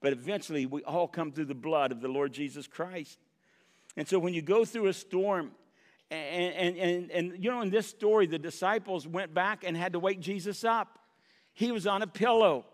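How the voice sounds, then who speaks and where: Long hall reverb fills this recording of a man preaching in a church sanctuary. He is a middle-aged pastor with a high-pitched voice at normal speed, whose sermon swells into impassioned cries punctuated by wry, humorous asides.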